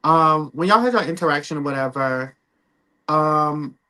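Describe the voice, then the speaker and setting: Guy hosting an interview, bright sharp voice, lots of ums, digging with questions. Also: fairly high pitch, moderate pace, low-quality recording. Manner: probing, hesitant with many ums. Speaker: podcast co-host.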